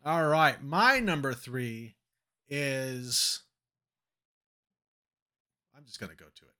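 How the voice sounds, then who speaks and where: A man's voice: mid-range voice, animated, takes it slowly, pushed and bright. A man co-hosting a podcast, chatting casually in a self-deprecating way. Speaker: podcast co-host. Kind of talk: casual chat.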